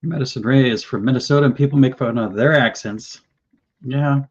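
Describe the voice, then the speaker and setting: A man's voice: medium pitch, a little fast, muffled recording. A man hosting a live stream, reading out viewer comments and cracking jokes. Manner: wisecracking, reads out viewer comments. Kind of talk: casual live-stream chat.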